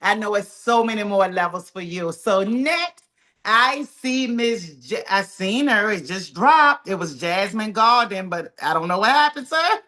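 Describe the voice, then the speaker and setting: A woman's voice: medium pitch, lively intonation, a little slow, pushed and bright. A woman hosting a training call, enthusiastic and hyping up each speaker. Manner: enthusiastic, hypes up speakers, repeats "wow". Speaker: call host.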